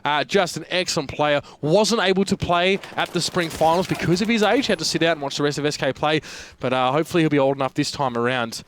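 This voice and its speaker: An esports caster with an Australian accent and a fairly bright voice on the high side gives fast, chatty live play-by-play of a competitive video game match, with fillers. There's slight background noise.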